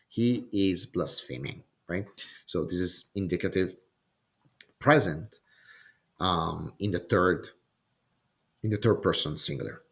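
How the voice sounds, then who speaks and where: A man teaching a Bible passage word by word, speaking slowly and deliberately, often pausing with "um" and checking in with "okay?". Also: on the low side, fairly bright tone. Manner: slow and deliberate, frequent "okay?" and "um", repeats words while thinking. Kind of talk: slow explanatory lesson.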